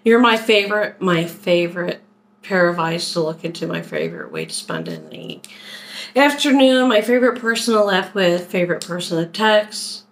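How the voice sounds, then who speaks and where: A woman's voice: lowish voice, very animated, low-quality recording. A woman from Philadelphia chatting casually through a shopping haul, unpacking items as she goes. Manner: chatty, unhurried, talks while unpacking items. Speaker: vlogger doing a shopping haul. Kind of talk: casual haul video chat.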